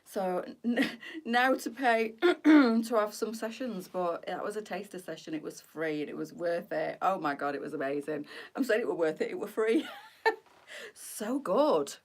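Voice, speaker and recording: A woman's voice: fairly low pitch, expressive, a little slow. A middle-aged woman, chatting casually and bubbling with laughter as she hosts a live stream. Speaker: boutique live-stream host.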